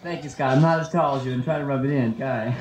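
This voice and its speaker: A man in his twenties from San Francisco doing a live stand-up set, teasing the crowd quickly and playfully. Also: mid-range voice. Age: 20s. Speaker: stand-up comedian. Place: comedy nightclub stage. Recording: echoey club, noisy old live tape. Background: audience laughter.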